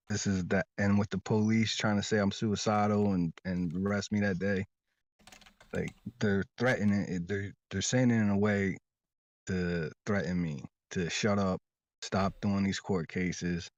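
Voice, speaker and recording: A man's voice: on the low side, darkish tone, no room sound, highs cut off. A man talking casually as an interview guest, rambling and insistent, often repeating his words as he tells a long story.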